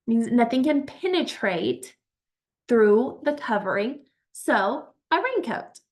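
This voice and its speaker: Woman teacher going super slow thru vocab, kinda high voice, patient and encouraging. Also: big pitch swings. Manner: patient, encouraging, repeats words slowly. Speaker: Spanish teacher. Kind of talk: slow vocabulary lesson with pauses.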